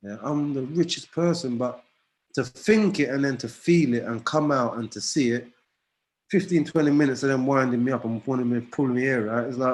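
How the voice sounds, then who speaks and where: A middle-aged man tells warm stories from home over a video call. His voice sits at an ordinary middle pitch and he moves quickly between excitement and reflection, often laughing. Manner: lively, animated, laughs often, acts out his children's voices. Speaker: guest. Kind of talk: casual storytelling.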